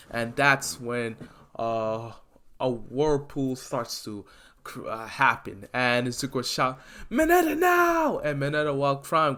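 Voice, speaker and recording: A man telling a fan-made story in a loose, offhand way. He rambles, restarts his sentences and fills the gaps with hesitant fillers, in a mid-pitched everyday voice. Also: a bit bright. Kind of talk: casual fan-story narration.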